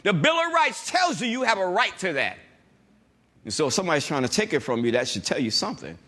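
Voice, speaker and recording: A male pastor preaching a lively sermon, reading scripture slowly with emphasis and tossing call-and-response asides to the congregation. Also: sits high.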